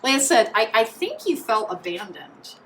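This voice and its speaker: A woman's voice: a little high, sing-song, normal speed, sharp tone, a little hiss or hum, low-quality recording. A woman doing a pick-a-card tarot reading in a chatty, meandering way, full of restarts and fillers. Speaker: tarot reader.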